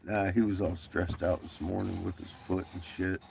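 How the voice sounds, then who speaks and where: Low, gravelly, and darkish in tone, this man's voice has a flat delivery at normal speed, with a little hiss or hum in the audio. He's a vlogger chatting casually, cursing, laughing, and quoting others by acting them out.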